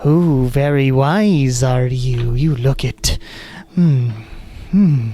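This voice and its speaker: A game master voicing an eerie, creepy fey lady in a glade, crooning slowly and drawing out her words. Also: mid-range voice, dark tone. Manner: slow, drawn-out and crooning. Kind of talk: tabletop game voice acting.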